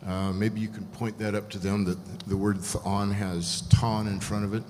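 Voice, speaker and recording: A man calmly explaining Greek grammar point by point as a guest scholar. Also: fairly low pitch, a little hiss or hum. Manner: measured, methodical explanation. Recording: echoey hall, faint ambience.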